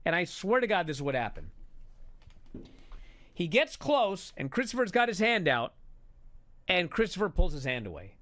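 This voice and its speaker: A man angrily recapping a wrestling show in a profane, exasperated rant that builds to shouting. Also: high voice, sing-song, normal speed, long pauses, no room sound.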